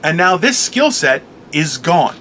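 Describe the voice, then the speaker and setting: High, bright-voiced man ranting casually. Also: a little slow, a little hiss or hum. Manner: profane, animated storytelling rant. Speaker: podcast co-host, stand-up comic. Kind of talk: casual chat.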